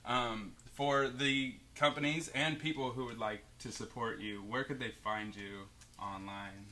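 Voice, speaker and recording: A man's voice: medium pitch, fairly even intonation, measured pace, sharp tone. A man hosting a late-night talk show, upbeat, laughing often and hyping up his guests. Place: stage with live studio audience. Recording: live audience crowd audible. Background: audience laughter.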